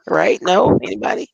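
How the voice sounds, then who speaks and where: A woman's voice: mid-range voice, vocal fry, breathy edge, no echo. A woman co-hosting a casual live stream chat, teasing playfully and laughing often while she packs things with tape. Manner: busy packing items with tape while talking.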